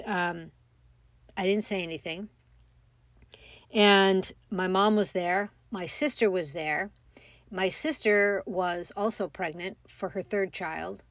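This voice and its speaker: A middle-aged woman telling a personal story in a reflective, halting way, with many pauses and fillers. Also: lowish voice, gravelly, dry recording. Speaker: mother telling her story.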